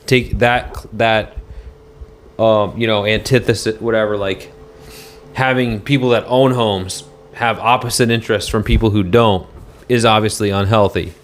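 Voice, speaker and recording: A man chatting casually on a livestream from a motel room, rambling and halting as he reads viewer comments aloud. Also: fairly low pitch, steady tone, a little hiss or hum.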